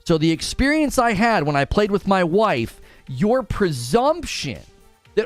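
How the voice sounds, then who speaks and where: A man's voice: high voice, sing-song, a little slow, dry recording, soft background music. A man ranting sarcastically in a video commentary about a game, exasperated and mocking. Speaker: gaming commentator.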